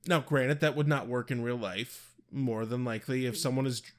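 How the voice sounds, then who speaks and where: A man co-hosting a casual podcast, giving blunt opinions on a TV show. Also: a little fast. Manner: opinionated, swings pitch for emphasis. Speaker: podcast co-host. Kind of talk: casual chat about a TV show.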